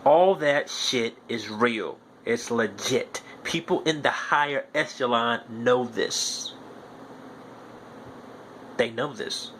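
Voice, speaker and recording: A man's voice: mid-range voice, slow pace, fairly bright tone, slight background noise. A young man hosting a podcast, delivering a heated, profane monologue that hammers his points home through repetition. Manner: profane, ranting, repeats himself insistently. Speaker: podcast host.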